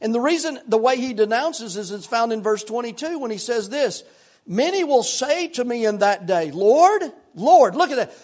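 An older male pastor preaching a sermon in a repetitive, impassioned cadence that drops into hushed, folksy storytelling. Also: extremely high pitch, animated, normal speed.

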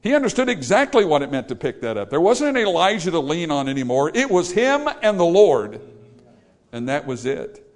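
A man's voice: a little high, a little fast. A man preaching a sermon, storytelling and acting out the people he quotes. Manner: animated, acts out quoted voices.

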